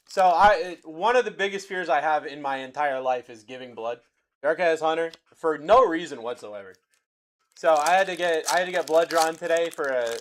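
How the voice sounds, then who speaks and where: Man, young, high-pitched, upbeat livestream break host calling cards to buyers, chatty and hyped. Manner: hyped, chatty, rattling off player names to buyers. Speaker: live card break host.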